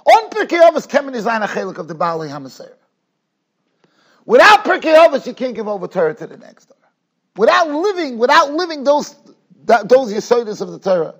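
Husky high-voiced rabbi telling a story. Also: male voice. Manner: animated, acts out dialogue, stretches words for emphasis. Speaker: rabbi giving a Torah class. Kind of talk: Torah class storytelling. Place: yeshiva study hall.

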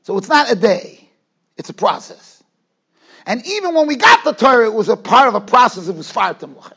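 New rabbi, very high and lively voice, emphatic lecture style, builds points by repeating himself. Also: male voice, fairly quick, husky. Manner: emphatic, rises to near-shouts on key points; mixes Hebrew and Yiddish terms into English. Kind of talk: Torah lecture. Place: yeshiva study hall.

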